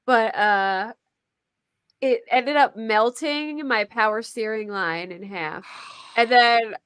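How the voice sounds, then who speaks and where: A chatty woman with a Philadelphia accent rambles through a story on a live online panel, laughing along the way and leaning on "like" as she goes. Her voice is bright and clear, and it sounds close and dry, with no room around it. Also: fairly high pitch, slow pace, no echo. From Pennsylvania. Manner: chatty and rambling, laughs often, says "like" a lot.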